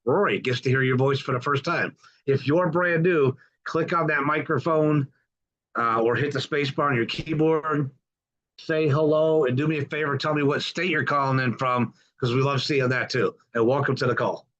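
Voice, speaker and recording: A man's voice: medium pitch, steady tone, moderate pace, a bit bright. Folksy middle-aged man hosting a call. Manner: enthusiastic, folksy, repeats welcomes. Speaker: host of a group call podcast. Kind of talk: upbeat welcoming group call. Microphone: computer mic on a video call. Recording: dull lo-fi call audio.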